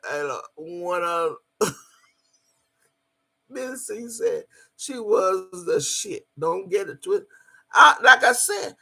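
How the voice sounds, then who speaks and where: A woman's voice: medium pitch, bright, forceful tone, slightly rough. A woman hosting a livestream, talking brashly and profanely, boasting and laughing often as she greets her chat. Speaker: livestream host.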